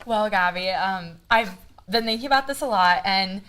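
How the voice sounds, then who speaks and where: A woman's voice: medium pitch, moderate pace, a bit bright, slight background noise. Upbeat young American woman host. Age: young adult. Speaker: student show host. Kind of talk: casual chat.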